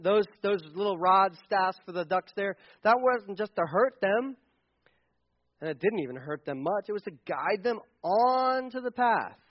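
A man's voice: sits high, dull audio. A middle-aged man preaching a sermon to a congregation, earnest and emphatic, repeating key phrases. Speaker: pastor.

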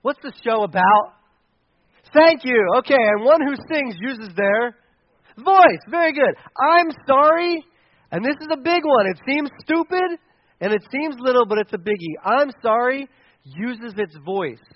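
A man preaching a sermon, animated and asking the audience questions. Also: very high voice, a little slow, no echo, lo-fi sound. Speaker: pastor.

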